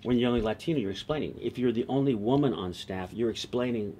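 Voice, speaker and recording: A middle-aged man, a TV writer being interviewed, telling stories in a lively, conversational way and laughing easily. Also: medium pitch, fast, slight background noise. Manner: animated, laughs easily, slips into quoted voices. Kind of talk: conversational storytelling.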